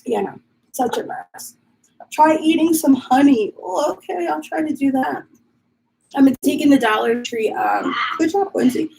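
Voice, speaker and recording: A woman's voice: high voice, a little slow, gravelly, darkish tone, a little hiss or hum, rough recording. A woman hosting a casual live stream from her home, chatting and reading viewer comments aloud while dealing with allergies and a runny nose. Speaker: livestream host.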